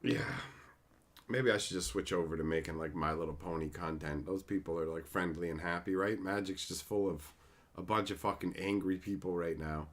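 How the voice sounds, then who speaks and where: A man's voice: deep voice, fairly even intonation, normal speed. A man hosting a casual livestream, rambling and mocking with lots of swearing as he answers viewers in chat. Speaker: livestream host.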